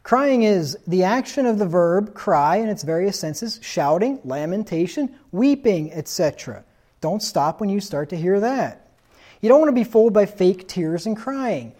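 A man's voice: high-pitched, lively intonation, moderate pace, mellow. A man preaching a sermon in a stern, insistent tone, reading scripture aloud and asking rhetorical questions.

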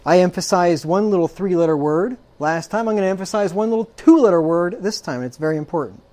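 A man's voice: high voice, expressive, fast talker, dark tone. A man preaching a sermon, emphatic, checking in with frequent rhetorical questions and dropping dry, sarcastic asides.

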